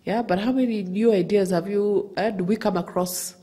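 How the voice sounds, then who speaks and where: A woman speaking as a guest in a TV studio, talking in a measured way and often checking agreement with tag questions. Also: medium pitch, steady tone, mellow. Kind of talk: talk show discussion.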